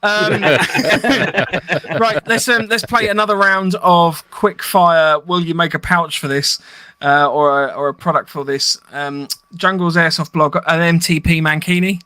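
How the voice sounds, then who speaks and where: Brief: fairly high, bright man, dry close mic, podcast host reading listener questions with a joke. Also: a little slow, no room sound. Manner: joking, reads questions out. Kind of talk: casual podcast interview.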